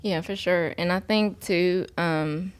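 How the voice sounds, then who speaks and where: Soft-spoken low-voiced woman co-host. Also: steady tone, slow, clear, resonant tone. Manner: soft-spoken, thoughtful, hesitant. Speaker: podcast co-host. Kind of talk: casual faith-based chat.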